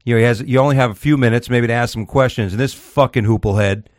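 A man's voice: medium pitch, fast, no room sound, clean studio sound. A man hosting a podcast in casual chat, rambling and profane as he tells stories. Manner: profane, rambling, animated storytelling. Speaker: podcast host.

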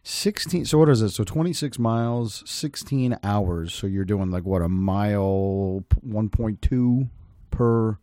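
A man co-hosting a casual talk show, teasing and sarcastic in quick back-and-forth banter. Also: lowish voice, warm tone, no room sound, studio quality. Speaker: co-host.

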